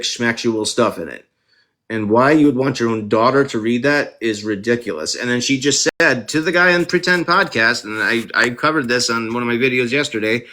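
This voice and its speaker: A man's voice: mid-range voice, sharp tone. A man doing casual true crime commentary on a live stream from his phone, indignant and ranting. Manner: indignant, ranting, mocking quoted voices.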